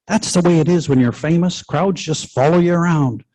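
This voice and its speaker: A man's voice: a little high, moderate pace, dark tone, low-quality recording. Man reading a folksy tale. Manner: dry folksy humour, colloquial grammar. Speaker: reader at a live literary open mic. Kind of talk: storytelling reading in first-person dialect.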